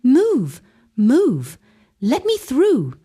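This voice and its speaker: A woman voicing an alarmed husband and father who shouts in fear. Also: high-pitched, huge pitch swings, normal speed, voice pushed up.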